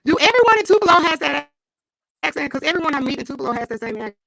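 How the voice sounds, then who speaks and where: A woman's voice: high-pitched, big pitch swings, fast, vocal fry, a bit bright, no echo, low-quality recording. A woman hosting a live online interview, effusive and chatty, laughing often, talking into a computer mic. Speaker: host. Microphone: computer mic, live stream.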